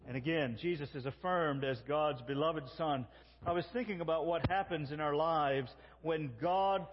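Guy preaching a sermon, high husky voice, earnest, dull echoey hall sound. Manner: earnest preaching, quoting God's words slowly and warmly. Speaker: pastor.

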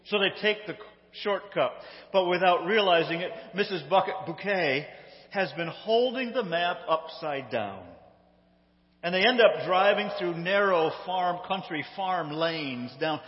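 A man casually retelling a sitcom episode in an animated, amused, conversational way, recorded on a handheld phone. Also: sits high, measured pace, in a large hall, highs cut off.

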